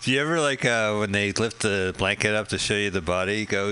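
Male co-host, lowish bright voice, riffing comic. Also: a little fast, smooth, rough recording. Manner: joking, does silly impressions. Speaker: podcast co-host. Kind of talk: comedic riffing over a movie.

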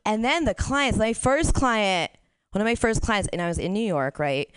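A woman's voice: medium pitch, lively intonation, normal speed, clear, resonant tone, no echo. A woman doing a stand-up set, telling crude stories candidly and laughing at her own jokes. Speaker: stand-up comic.

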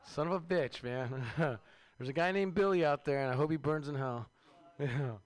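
A man's voice: on the high side, moderate pace. A man in his thirties from the Seattle area doing a crude, rambling stand-up comedy set. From Seattle area, USA. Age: 30s. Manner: crude, rambling, profane jokes with "man" and "you know".

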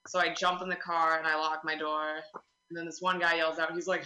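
A young woman doing a stand-up comedy set, telling stories in a deadpan way with quick asides. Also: sits low, reverberant, low-quality recording.

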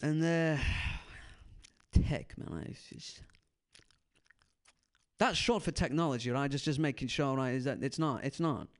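Young male stand-up, twenties, slacker drawl with a gravelly fry, rambles and stalls while working the crowd on a handheld mic. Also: mid-range voice, expressive, a little slow, pauses often. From San Francisco Bay Area. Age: 20s. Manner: laid-back stoner drawl, trails off, says man constantly. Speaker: stand-up comedian doing crowd work.

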